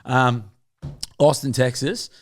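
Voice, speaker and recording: A man's voice: mid-range voice, steady tone, slow. An Australian man co-hosting a podcast, chatting casually with a sweary storytelling manner and frequent laughter. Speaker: podcast co-host. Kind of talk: casual chat.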